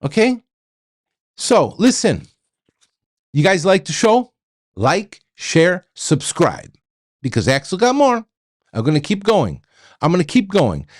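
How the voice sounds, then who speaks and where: Male show host, middle-aged, blunt and repetitive, stammers, animated delivery in a dead-dry room. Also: high-pitched, slow pace, pauses often, no echo. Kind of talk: ranting monologue to viewers.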